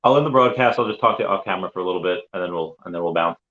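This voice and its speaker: A man hosting a podcast interview, enthusiastic and quick to react. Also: sits low, dull audio. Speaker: podcast host. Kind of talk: casual interview.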